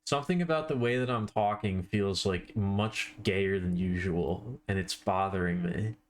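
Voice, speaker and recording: A man's voice: sits low, unhurried, slight background noise. A man chatting casually on a live stream while he draws, rambling and self-deprecating, with offhand swearing.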